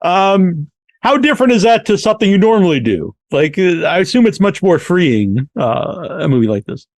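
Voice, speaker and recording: A man's voice: high voice, sing-song, normal speed, darkish tone, dry recording, clean studio sound. A man hosting a casual podcast interview, friendly and laughing along with his guests. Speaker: podcast host.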